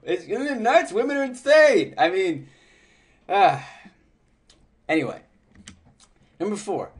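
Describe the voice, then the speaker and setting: A man's voice: high voice, big pitch swings, slow, long pauses. A man giving casual dating advice, chatty and loose, laughing often and filling his talk with "like" and "you know.". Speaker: dating coach.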